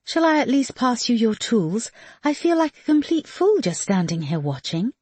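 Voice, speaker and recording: A woman voicing a poised, capable young woman who speaks politely and briskly, her lines lively in pitch. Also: slightly rough, no echo.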